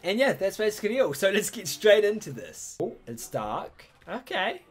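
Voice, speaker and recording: A man's voice: high voice, sing-song, moderate pace, slightly rough, soft background music. Hyped young man reacting to a dance video. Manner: hyped, exclamatory, slangy. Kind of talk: excited reaction commentary.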